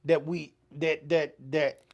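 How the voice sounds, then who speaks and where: A man's voice: a little high, little pitch movement, slow, creaky, a little mellow, muffled recording. A middle-aged man hosting a casual podcast chat, profane and joking, stammering and laughing often. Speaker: podcast host.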